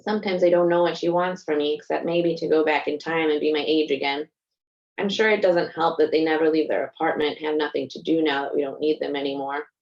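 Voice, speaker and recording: Woman author reading her book, low voice, kinda muffled, thoughtful narration. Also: steady tone, a little fast. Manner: reflective first-person narration. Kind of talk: reading from her own novel.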